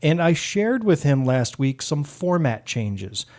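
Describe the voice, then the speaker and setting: A man's voice: fairly high pitch, big pitch swings, slow, a little mellow. A man co-hosting a podcast, leading a casual chat with jokes and enthusiasm. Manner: joking, enthusiastic, leads the talk. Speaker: podcast co-host.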